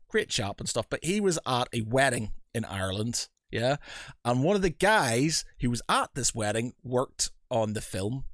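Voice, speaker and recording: A man hosting a casual podcast, middle-pitched and chatty. He tells stories with lots of energy and throws his voice high when quoting people. The sound is dry and close, with almost no room. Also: dry recording. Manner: animated storyteller, acting out quotes with big pitch jumps. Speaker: podcast host.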